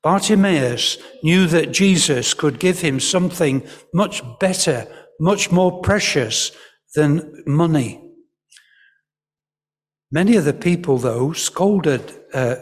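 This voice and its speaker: A man with a somewhat high voice preaches to an all-age congregation, telling the story at an unhurried, deliberate pace. He speaks gently, coaxing the listeners to join in, and his voice carries a long church reverb. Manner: gentle storyteller, leading the congregation in call-and-response.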